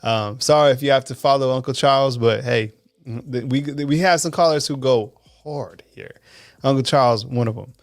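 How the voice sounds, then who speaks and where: A man's voice: mid-range voice, normal speed, no room sound, studio quality. A man hosting a sports call-in show, chatting in a laid-back way with lots of fillers. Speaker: show host. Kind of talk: casual hosting chat.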